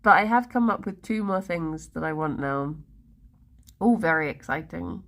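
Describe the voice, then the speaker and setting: A woman's voice: deep voice, lively intonation, normal speed. A woman in her thirties with an English accent, chatting casually and playfully with stream viewers, giggling often. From England. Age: 30s. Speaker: livestreamer.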